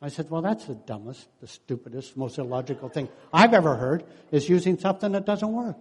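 A man's voice: on the high side, fairly quick, husky. A man in his sixties giving a sermon, telling stories and acting out what people said, with frequent chuckles. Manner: storytelling, acts out quotes, chuckles often. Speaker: preacher and counselor. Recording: long hall reverb.

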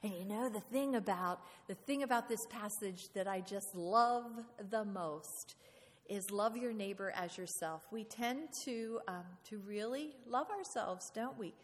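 A woman preaching a lively sermon in a church, playful and animated, often asking the congregation questions. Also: mid-range voice, a little slow. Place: church hall. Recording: reverberant hall.

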